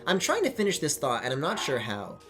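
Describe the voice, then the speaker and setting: Rambling, animated male streamer. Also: on the high side, fairly quick. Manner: rambling, swearing, sudden excited squeals. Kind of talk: casual live-stream commentary. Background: game music.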